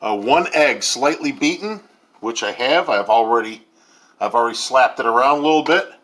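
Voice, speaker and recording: A man's voice: medium pitch, expressive, moderate pace, fairly bright tone. A man in his fifties hosting a casual cooking video, talking in a rambling way with lots of ums and uhs. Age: 50s. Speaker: home cook host.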